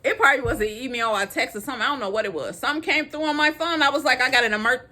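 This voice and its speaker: A young adult woman from Illinois telling a dating story to her viewers in a casual, animated way, laughing often. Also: high-pitched, racing. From Illinois, USA.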